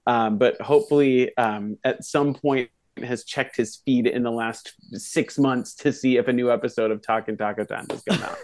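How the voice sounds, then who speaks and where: Podcast co-host, male, chatty storyteller, mid-pitch, acts out voices in his stories. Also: normal speed, few pauses. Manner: animated anecdote teller, voices the people in his story. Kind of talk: casual chat, storytelling.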